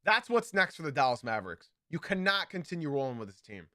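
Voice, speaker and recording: A man's voice: fairly high pitch, sing-song, quick pace, sharp tone, no room sound, clean studio sound. A man hosting a live basketball podcast, talking emphatically and repeating his key points. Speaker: podcast host.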